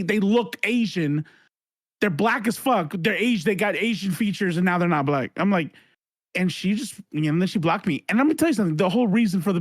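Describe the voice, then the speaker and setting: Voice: mid-range voice, dry recording. A podcast co-host on a video call in casual chat, talking in a heated, profane rant.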